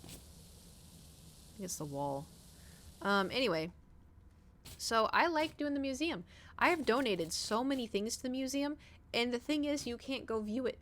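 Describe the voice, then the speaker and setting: A woman's voice: fairly high pitch, normal speed, pauses often. A woman streamer chatting casually while she plays, rambling and swearing as she tells stories. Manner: rambling, profane, animated storytelling. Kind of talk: casual chat while gaming.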